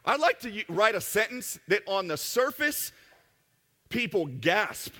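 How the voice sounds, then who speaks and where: Male seminar speaker, brash and joking, bright tone, echoey hall. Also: sits high, very animated. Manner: brash, joking, rapid asides to the audience. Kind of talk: live seminar talk. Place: event room with an audience.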